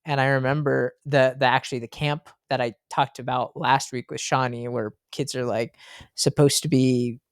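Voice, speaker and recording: A man in casual podcast conversation, spinning stories with lively energy and plenty of filler words. His voice sits at an ordinary middle pitch. The sound is close and dry. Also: normal speed, smooth, no echo. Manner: animated storyteller, frequent fillers. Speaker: podcast host.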